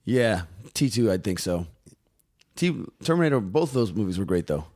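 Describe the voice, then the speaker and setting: A man talking casually as a podcast guest, his voice sitting somewhat low. The sound is dry and close, with no room in it, and he keeps a relaxed, dryly joking manner. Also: moderate pace, no room sound.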